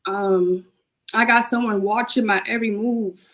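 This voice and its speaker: A woman's voice: mid-range voice, fairly even intonation, normal speed, a bit bright, poor audio. Emotional young woman, casual heartfelt talk. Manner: emotional, heartfelt, repeats phrases. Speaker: podcast guest. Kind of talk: casual chat.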